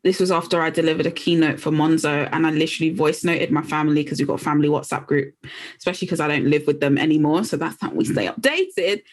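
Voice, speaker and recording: A woman hosting a podcast, in easy, casual conversation with her guest. She tells her own story in a lively way and nods along with short affirmations. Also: deep voice, quick pace. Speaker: podcast host. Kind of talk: casual chat.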